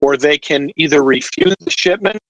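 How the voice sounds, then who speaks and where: Speaking fairly high at a moderate pace, this man has a fairly bright tone, though the recording is muffled and free of echo. He's a watch distributor appearing as a guest on a laid-back podcast by video call, going on at length and filling his talk with fillers.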